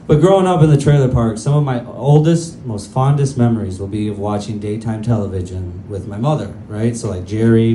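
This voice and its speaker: A male comedian works a crude, self-mocking set in a loose, rambling manner. His mid-pitched voice is mellow and relaxed. A handheld mic catches a roomy club sound with faint ambience. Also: slight background noise. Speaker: stand-up comedian. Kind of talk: stand-up set.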